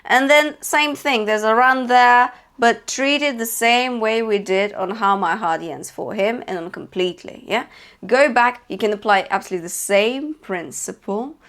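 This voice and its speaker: Woman, vocal coach, singing lesson, higher voice, encouraging, sings short demonstrations. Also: moderate pace, a bit bright. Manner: encouraging, demonstrates sung phrases between explanations.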